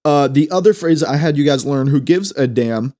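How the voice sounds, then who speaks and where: A young man, hosting a podcast and chatting casually through a language lesson, repeating phrases slowly as he explains. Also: fairly high pitch, a little mellow. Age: 20s. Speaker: podcast host.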